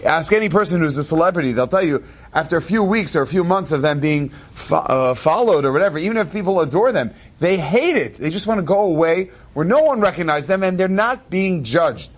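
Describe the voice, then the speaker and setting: A man telling an inspirational story in an animated, quick way, with asides and laughs. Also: a little high. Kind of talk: storytelling talk.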